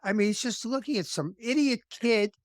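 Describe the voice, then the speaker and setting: A man co-hosting a podcast interview, telling lively stories and laughing at himself. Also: very high-pitched, normal speed, no room sound, clean studio sound. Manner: animated storyteller, laughs at himself. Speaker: podcast co-host. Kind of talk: casual interview chat.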